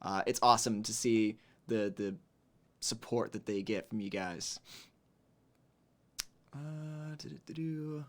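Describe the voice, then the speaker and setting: Speaking slowly with a lowish voice and frequent pauses, a man hosts a relaxed livestream. He welcomes viewers, reads chat messages aloud, and hums to himself in between, staying chatty throughout.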